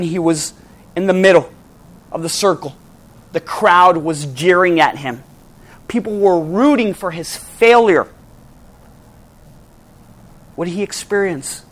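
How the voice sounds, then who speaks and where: A preacher in full sermon mode, shifting from brisk retelling to hushed, slowed emphasis on key phrases. The delivery leans on rhetorical questions put to the listeners. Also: mid-range voice. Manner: asks the audience rhetorical questions.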